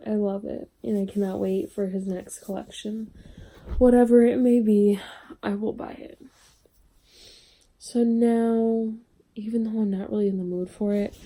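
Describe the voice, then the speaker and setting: A young woman book vlogger chats casually to camera at home, sometimes drifting into soft whispers. Her voice is medium in pitch, and the recording is rough.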